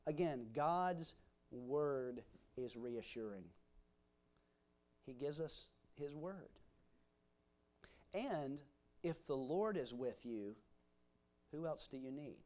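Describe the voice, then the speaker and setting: A man's voice: mid-range voice, expressive, takes it slowly, pauses often, a little mellow. A man preaching a sermon, reading scripture aloud and explaining it with folksy everyday examples. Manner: reads scripture aloud in King James wording. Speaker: pastor. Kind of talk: expository sermon.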